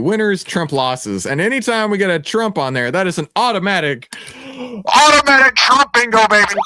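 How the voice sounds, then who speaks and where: A man with a Texan accent hosting a livestream, playful and teasing, often jumping to excited shouts. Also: medium pitch. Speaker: livestream host. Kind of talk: animated livestream presentation.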